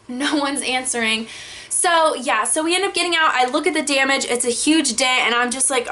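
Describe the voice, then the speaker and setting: A young woman telling a storytime vlog, animated, cursing often and filling her talk with "like". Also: sits high, normal speed. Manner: animated, frequent swearing, many filler likes. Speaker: vlogger.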